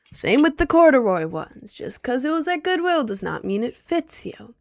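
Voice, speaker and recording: A woman's voice: medium pitch, animated, normal speed, few pauses. A young woman streamer in casual chat, rambling, jokey and self-mocking.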